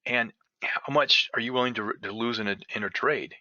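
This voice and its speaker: A man's voice: medium pitch, normal speed, sharp tone, no echo, highs cut off. A man teaching day trading in a live webinar, talking conversationally and asking the audience rhetorical questions.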